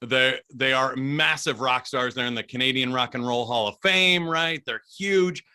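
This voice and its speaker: A man chats as a podcast guest, telling long stories from his days as a DJ. He talks in an animated way and laughs often. His voice is very bright and forceful, with an ordinary pitch. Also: normal speed, smooth. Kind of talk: casual storytelling interview.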